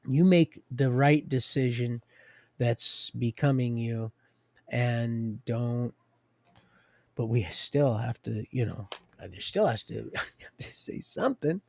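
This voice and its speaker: A man's voice: medium pitch, takes it slowly, vocal fry, darkish tone, no echo. A man hosting a livestream, rambling and preachy, talking straight to his viewers. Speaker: livestream host.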